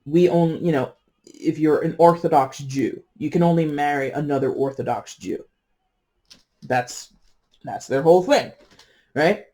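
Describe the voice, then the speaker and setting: In a mellow, mid-range voice, a tarot reader talks through a reading casually and digressively. They fill it with asides and "you know"s, laugh at their own jokes, and sometimes slow down to stress key words.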